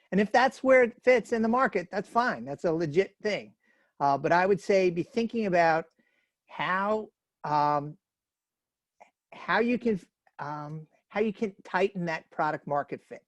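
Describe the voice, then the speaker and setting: A man from the New York area gives a casual webinar talk over a video call. His voice is fairly high for a man, and he tells folksy stories with plenty of fillers. The sound is close and dry. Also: dry recording. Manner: chatty, folksy storytelling with fillers. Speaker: webinar speaker.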